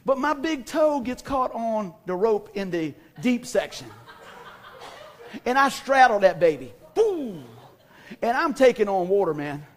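A man's voice: sits high, a little slow. A male pastor preaching to a congregation, telling a comic story he acts out and questioning the crowd, then reading scripture. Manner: animated storyteller, acts out scenes and asks the congregation. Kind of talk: sermon with a comic personal story. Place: church hall before a congregation.

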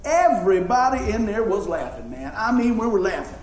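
High-voiced preacher in echoey church. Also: male voice, fairly quick, a little hiss or hum. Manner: animated, folksy, acts out voices in anecdotes. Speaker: pastor. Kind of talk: sermon with storytelling.

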